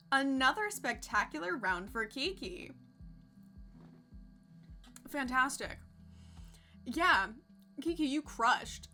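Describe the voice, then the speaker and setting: A sarcastic woman streamer chats with her viewers in a bright, sharp voice pitched a little high. She laughs often and swears freely. Faint music plays behind her. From United States. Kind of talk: casual live-stream chat.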